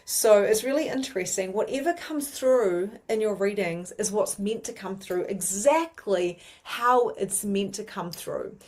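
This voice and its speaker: A woman with a New Zealand accent teaching mediumship in a chatty, animated way, with many fillers. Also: mid-range voice, measured pace, few pauses. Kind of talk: casual teaching monologue.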